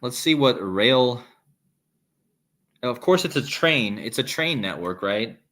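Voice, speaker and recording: A man's voice: medium pitch, animated, slow pace, fairly bright tone. A man hosting a casual live stream, rambling with restarts and reading viewer comments aloud. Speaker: livestream host.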